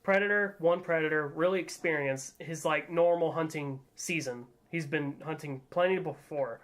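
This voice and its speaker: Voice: medium pitch, normal speed. A podcast co-host in casual chat who eagerly explains the lore and corrects the others. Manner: explains lore eagerly, often starting with "here's the thing".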